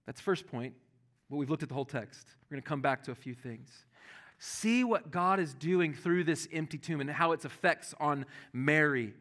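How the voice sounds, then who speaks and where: A man preaching a sermon, animated and earnest, dropping to soft hushed tones when quoting scripture. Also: on the high side. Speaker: pastor.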